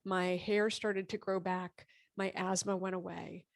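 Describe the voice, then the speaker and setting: Animated woman in her fifties, dry close sound. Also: fairly low pitch, a little slow, vocal fry, dry recording. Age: 50s. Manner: animated, acts out quoted dialogue. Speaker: podcast guest, gynecologist. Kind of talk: casual interview storytelling.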